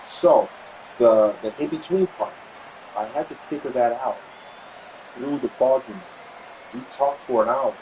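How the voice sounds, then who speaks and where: A man casually telling a personal story, animated and repeating himself as he acts out what was said. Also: unhurried, pauses often, slight background noise, low-quality recording. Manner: animated, acts out quoted dialogue with pitch jumps; repetitive, stumbling restarts. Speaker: vlogger sharing a family update.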